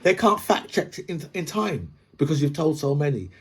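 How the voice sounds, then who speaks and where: A man's voice: on the high side, big pitch swings, normal speed, a little hiss or hum. A man hosting a podcast, delivering a blunt, profane political rant full of long analogies. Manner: swears freely, builds long analogies, repeats "right?". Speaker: podcast host.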